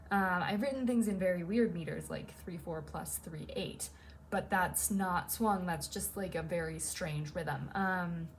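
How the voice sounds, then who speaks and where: A woman with a slightly low voice talks casually and brightly about writing a song. She often breaks into "da da" to show a rhythm, with a faint hiss in the background. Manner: chatty and upbeat, hums rhythms with "da da" while explaining. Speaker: songwriter. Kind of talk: casual explanation of songwriting to viewers.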